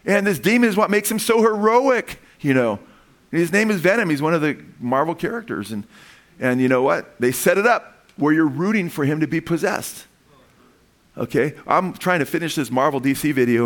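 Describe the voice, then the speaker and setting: A man preaching a sermon in a loose, conversational way, often restarting phrases and building to excited emphasis. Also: fairly high pitch. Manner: animated and conversational, with frequent restarts and rising emphasis. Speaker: pastor.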